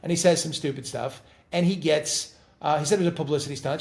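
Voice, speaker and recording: A middle-aged man chatting as an interview guest, telling animated stories and often repeating words as he talks. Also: fairly high pitch, fast. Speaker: guest actor. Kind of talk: casual interview chat.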